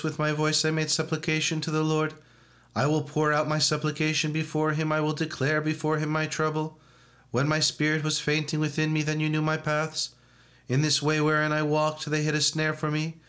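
A man reads the psalms of an evening church service in a level, unvarying monotone. His voice sits a little higher than most men's. The delivery is measured and liturgical, with no rise or fall. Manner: flat monotone recitation, chanting some verses. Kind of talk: liturgical reading and chanting.

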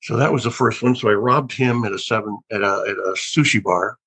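A man's voice: on the low side, fairly quick, sharp tone, husky, poor audio. An older man, an actor being interviewed, telling wandering stories with many restarts and a musing, reflective tone. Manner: rambling, with many restarts and trailing thoughts; wondering, reflective. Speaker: actor and guest. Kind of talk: casual interview storytelling.

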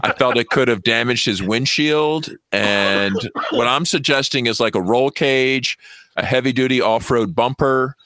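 A man co-hosting a casual podcast chat, giving mock-serious advice in a dry, deadpan way. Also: medium pitch, unhurried, no room sound.

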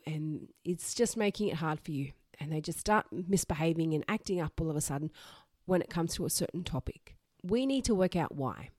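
A woman's voice: fairly low pitch, a little mellow, no room sound, clean studio sound. A woman, hosting a solo parenting advice podcast in a frank, direct way. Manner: direct, frank, swears casually. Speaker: podcast host.

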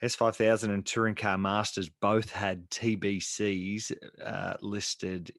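A man's voice: lowish voice, level tone, slow pace, fairly bright tone, no room sound, clean studio sound. A man co-hosting a casual motorsport podcast, chatty with lots of fillers and restarts. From Australia. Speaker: podcast co-host.

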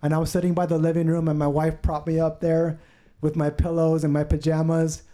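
A man's voice: a little high, monotone, fairly quick, warm tone. A man telling his personal story as a podcast guest, earnest and heartfelt, acting out what others said to him. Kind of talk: personal testimony.

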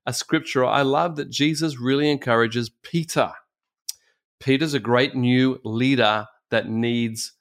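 A man's voice: mid-range voice, a bit bright. A male pastor with an Australian accent, preaching a sermon in a fervent way and repeating phrases for emphasis. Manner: fervent, repetitive exhortation with restarts.

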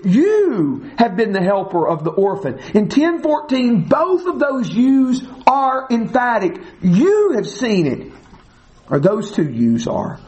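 A man's voice: extremely high pitch, low-quality recording. A man teaching verse by verse through a psalm, stressing and repeating key phrases emphatically. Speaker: preacher.

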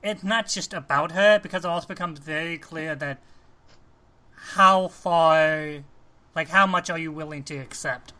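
A man co-hosting a casual talk show about films, animated and often restarting his sentences. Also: fairly high pitch, measured pace. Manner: animated, restarts often, acts out quoted lines. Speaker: podcast co-host. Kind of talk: casual film discussion.

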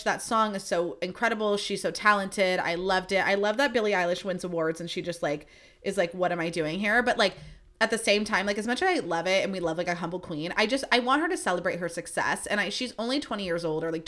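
A woman's voice: mid-range voice, quick pace, a bit bright. A young woman hosting a solo podcast, gushing and swearing as she rambles with lots of fillers, emotional and close to tears. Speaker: podcast host.

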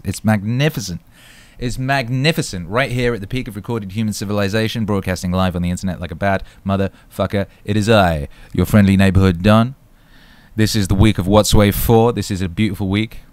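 A man hosting a live stream alone, chatting casually, reading out comments and giving shout-outs in a hyped, swearing way. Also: lowish voice, no echo. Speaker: livestream host.

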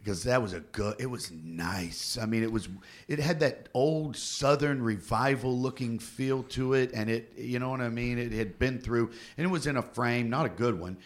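A man co-hosting a casual chat, rambling and animated as he tells stories and laughs. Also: mid-range voice, normal speed.

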